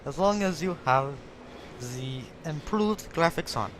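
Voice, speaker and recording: A man putting on an overdone mock Russian accent, explaining tank parts in a halting way. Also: a little high, animated, a little hiss or hum, pitched above the performer's own voice. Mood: mock-serious. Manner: overdone, halting, breaking into laughter. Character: hammy fake Russian tank expert, adult man. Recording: game sounds loud behind.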